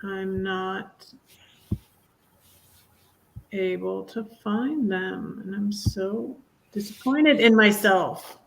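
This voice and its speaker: Slow, gravelly woman host. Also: medium pitch, a little hiss or hum, low-quality recording. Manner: unhurried, musing aloud while searching files. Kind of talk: casual livestream chat.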